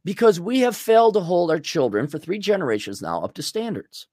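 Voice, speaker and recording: A man's voice: sits high, very animated, fairly quick, darkish tone, no echo, studio quality. A man hosting a podcast, ranting in a blunt, sarcastic and crude way. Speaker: podcast host. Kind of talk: ranting monologue.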